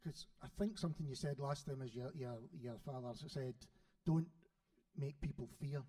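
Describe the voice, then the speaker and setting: A man's voice: medium pitch, normal speed, mellow. A man interviewing an author, asking hesitant, reflective questions. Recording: distant mic.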